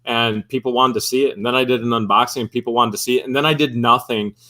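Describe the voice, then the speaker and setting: A man speaking as a guest in a casual chat, telling his story in a loose, halting way. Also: medium pitch, steady tone, pushed and bright.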